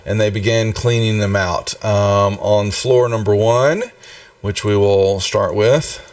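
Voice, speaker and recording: A man's voice: on the low side, steady tone, takes it slowly, no echo, far from the mic. A man running a tabletop game on a live stream, rambling with many fillers and restarts. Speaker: game master.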